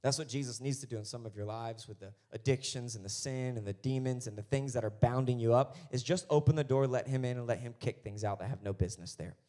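A man's voice: medium pitch, quick pace, hardly any pauses. Man preaching a conversational sermon. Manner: conversational preaching that builds to loud, fervent passages. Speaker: pastor.

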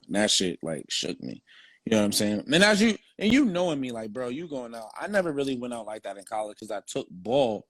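A man's voice: mid-range voice, very animated, brisk, fairly bright tone, dry recording. A young man, a former football player, telling his story in casual, slang-heavy, profane talk.

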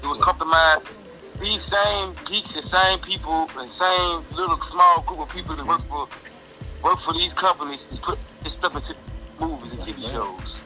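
A man's voice: on the high side, moderate pace, sharp tone, faint music behind, poor audio. A man on a casual podcast, rambling animatedly through conspiracy theories. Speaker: podcast co-host.

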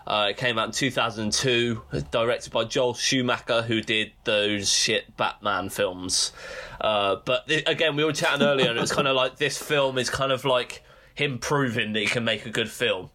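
A man's voice: medium pitch, normal speed, bright, forceful tone. A young British man co-hosting a podcast, chatting casually, swearing freely and laughing often. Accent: British English. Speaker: podcast co-host. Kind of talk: casual chat.

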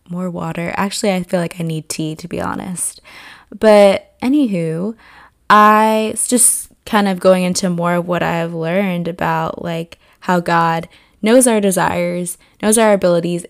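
A podcast host with a faint morning rasp. Her voice sits a touch low, and she talks in an earnest, meandering way full of "like" fillers. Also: steady tone, slow. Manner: earnest, rambling, many "like" fillers. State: slightly hoarse morning voice. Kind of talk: casual faith podcast reflection.

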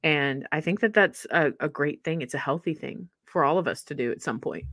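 Lively woman podcast host, dry sound. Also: sits low, brisk, no echo. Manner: animated, laughs often, acts out quoted voices. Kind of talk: casual chat.

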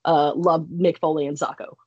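A young woman wrestler, guesting on a podcast, tells her story casually, swearing freely and breaking into laughs. Her deep voice is husky and slightly breathy, with flat delivery at normal speed. The recording is close, dry, and dull, with no room sound.

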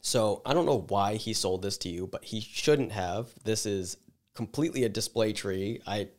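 A man's voice: on the low side, moderate pace. A man telling a work story in casual chat, rambling with lots of "like" and acting out the people in it. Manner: rambling, fills talk with "like"; acts out the people in his story.

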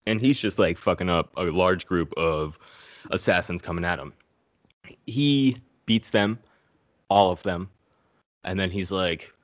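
Low-voiced man doing a crude movie recap. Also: moderate pace, dry recording. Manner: profane, acts out characters in goofy voices. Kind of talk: casual comedic movie recap.

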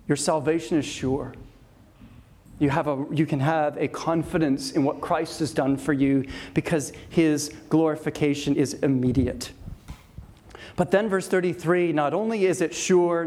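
A male pastor delivering an evening sermon in a slightly higher-than-usual voice. He preaches with earnest emphasis and returns to key phrases again and again to drive his points home. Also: darkish tone.

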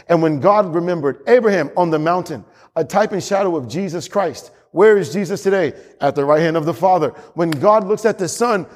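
A man's voice: fairly high pitch, darkish tone. A male pastor preaching a sermon with emphatic repetition and frequent chuckles. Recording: long hall reverb.

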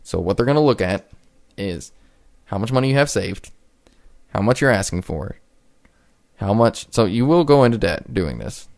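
A man's voice: fairly low pitch, animated, moderate pace, vocal fry, pauses often, darkish tone. A man in his twenties hosting a solo podcast, talking casually and rambling with frequent restarts. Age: 20s. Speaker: podcast host.

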